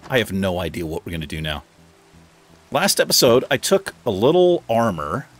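A man casually narrating his own game as he plays, chatting to the animals and now and then jumping into high, excited bursts. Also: moderate pace, faint music behind. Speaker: gaming host. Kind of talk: casual let's play commentary.

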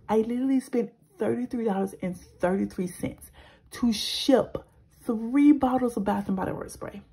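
A woman in her thirties chatting casually as a budgeting vlogger. She talks softly, slips into whispers while counting cash and rambles when she vents. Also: on the high side, lively intonation, normal speed, husky, rough recording. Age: 30s. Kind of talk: casual vlog chat.

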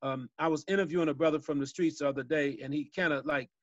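A man's voice: on the high side, steady tone, quick pace, no echo. A man from Chicago telling street stories as a guest speaker on a webinar, folksy and chuckling as he goes. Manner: folksy storyteller, laughs at his own tales. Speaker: violence prevention guest speaker. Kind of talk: storytelling on a webinar. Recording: dull dry video call audio.

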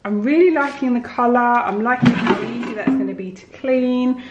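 A woman with a fairly high voice talks at normal speed, though the audio sounds dull. She's a vlogger chatting casually in her echoey home kitchen, with clear background noise, for a homely, rambling vlog.

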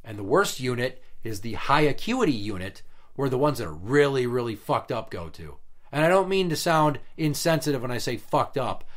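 A man's voice: medium pitch, very animated, normal speed. A man in casual podcast chat, venting about an old job in a blunt, profane way, with heated emphasis. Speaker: podcast guest telling work stories.

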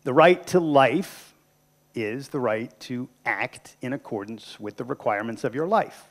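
A man's voice: medium pitch, animated, measured pace. A man giving a public lecture in a conversational, emphatic way, often asking his listeners rhetorical questions. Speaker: guest lecturer. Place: university lecture room.

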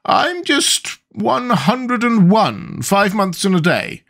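Fussy old queen voiced by a man, squeaky high quaver, lively swings, storybook reading. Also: slow, vocal fry, full character voice. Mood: brisk. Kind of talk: audiobook character voice.

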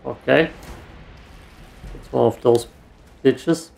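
Faint music plays behind a man who talks slowly in a mid-range voice with vocal fry and a darkish tone. As he plays a video game, the streamer keeps up casual commentary full of dry self-mockery.

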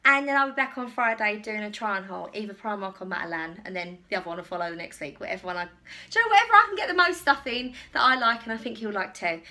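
A woman's voice: mid-range voice, quick pace, bright, forceful tone. A woman chatting casually and enthusiastically through a clothing try-on haul in her own vlog. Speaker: fashion vlogger.

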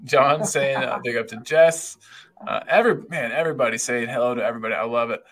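A man's voice: mid-range voice, quick pace, a bit bright. A man co-hosting a live podcast stream, upbeat and reading out viewer comments and greeting people by name. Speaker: podcast co-host.

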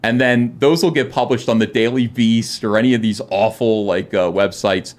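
A man's voice: on the low side, steady tone, moderate pace. A middle-aged man, a guest comic artist, telling his story in a podcast interview, rambling with many "uh" fillers and acting out quoted dialogue. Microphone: studio podcast microphone.

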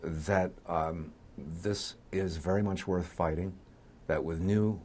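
Deep-voiced older man, candid and plainspoken. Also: steady tone, a little mellow, slight background noise. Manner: candid, plainspoken, slow with pauses. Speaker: radio talk show host. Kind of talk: interview.

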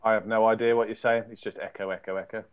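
A man's voice: fairly low pitch, flat delivery, fast talker, clean tone. A man on a video call, wry and joking about the sound trouble. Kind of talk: casual chat over a video call. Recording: dull lo-fi call audio.

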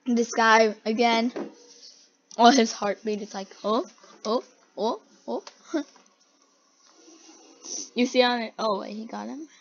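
Excitable young gamer reacting with gasps. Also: female voice, on the high side, slow pace, vocal fry, pauses often, highs cut off, slight background noise. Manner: excitable, gasping, giggly. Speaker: video reactor. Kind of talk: try-not-to-laugh reaction commentary.

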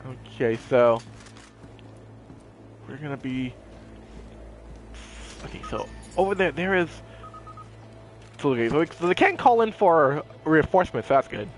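A young-sounding man narrates his gameplay in a casual let's-play, his voice pitched high and swinging wildly as he gets excited. He talks goofily and playfully lectures the game's characters, with faint game music behind him. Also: measured pace, long pauses. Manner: excitable, goofy, mock-scolds game characters. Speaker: gameplay commentator.

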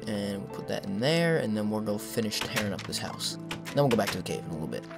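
A young man giving casual, self-mocking commentary over his own gameplay, chatting to viewers and breaking into excited outbursts at the game. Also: on the low side, quick pace, gravelly. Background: background music.

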